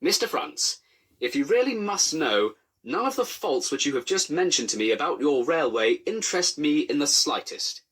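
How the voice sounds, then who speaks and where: A man's voice: a little high, big pitch swings, normal speed, fairly bright tone, slightly rough, voice pushed up, exaggerated voice. A man voicing a pompous, officious male railway inspector in a fan-made storybook parody, speaking in a raised, spluttering voice.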